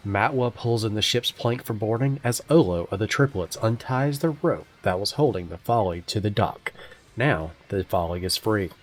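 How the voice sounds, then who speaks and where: A man narrating as game master of a tabletop game, lively and quick to laugh. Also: fairly low pitch.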